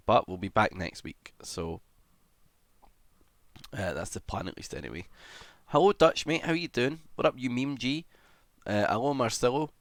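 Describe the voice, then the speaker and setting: A man's voice: lowish voice, no room sound. Chatty man greeting stream viewers. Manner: chatty, swears casually, greets viewers one by one. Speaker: livestreamer. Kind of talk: casual livestream chat, greeting viewers.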